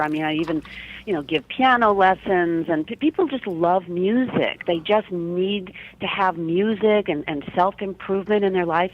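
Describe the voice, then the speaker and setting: A woman from Chicago, a voice teacher, explaining things in a chatty way as a radio interview guest. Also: on the low side. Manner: chatty, explanatory, frequent restarts. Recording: dull phone-line sound.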